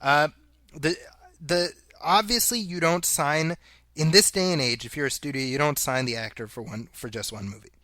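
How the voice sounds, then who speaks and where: A man's voice: fairly high pitch, normal speed, sharp tone, dry recording, clean studio sound. A man co-hosting a casual movie podcast, reading listener comments aloud and laughing often. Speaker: podcast co-host. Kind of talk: casual chat.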